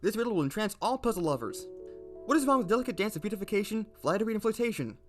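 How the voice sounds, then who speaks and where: Fast, high-voiced man reading game text. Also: expressive, faint music behind. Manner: playful, rambling, stumbling and self-correcting. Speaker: video narrator. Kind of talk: casual, partly unscripted reading of game text.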